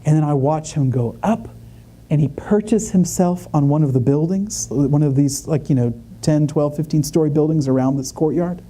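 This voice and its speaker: A man speaking at a conference, telling a humorous story in a chatty, animated way with many asides. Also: on the high side, moderate pace. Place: conference stage before an audience.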